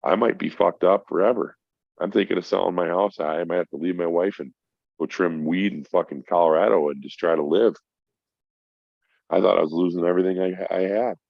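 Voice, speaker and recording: A middle-aged man with an extremely low voice tells a long personal story in a casual podcast chat. He swears freely and keeps calling the host bro. The sound is dry and a little dull, like a lo-fi recording. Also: steady tone, fairly quick, creaky, no echo. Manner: profane, emphatic, addresses host as bro. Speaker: podcast guest.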